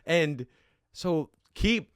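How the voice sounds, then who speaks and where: A man's voice: fairly high pitch, animated, drawn-out words, a bit bright, smooth, no echo, clean studio sound. A man casually recapping a reality show on a podcast, laid-back and swearing freely as he tells stories.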